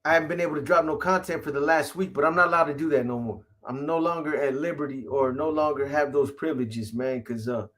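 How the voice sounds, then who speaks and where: Slangy man shouting out live viewers. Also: on the high side, steady tone, fast talker, hardly any pauses. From California. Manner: rambling, shouting out viewers by name; profane, street slang. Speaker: live stream host. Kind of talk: casual live-stream chat.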